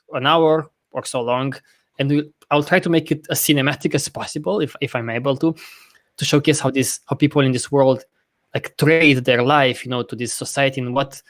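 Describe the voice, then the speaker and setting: Rambling, profane podcast host. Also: male voice, medium pitch, dry recording. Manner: rambling, profane, self-correcting; laughs often. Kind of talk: casual podcast chat.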